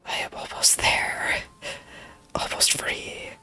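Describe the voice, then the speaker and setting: A woman streamer who has lost her voice, chatting to herself in a soft, playful whisper while she draws, close to a very sensitive mic. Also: takes it slowly, no room sound, soft background music. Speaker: streamer drawing digital art. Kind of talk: casual chat while drawing. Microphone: high-sensitivity desk mic, close.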